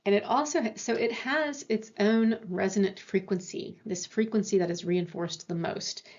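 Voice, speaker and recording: A woman lecturer explains at a moderate pitch, stopping often for fillers and restarting her sentences. The recording sounds a little dull and muffled. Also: moderate pace, darkish tone. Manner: explanatory, with frequent fillers and self-corrections. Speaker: university lecturer.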